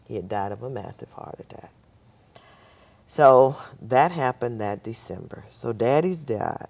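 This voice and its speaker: A woman's voice: extremely low pitch, animated, a little slow, gravelly, a little mellow. An older woman, a guest on a talk show, telling a personal story and acting out the voices of the people in it.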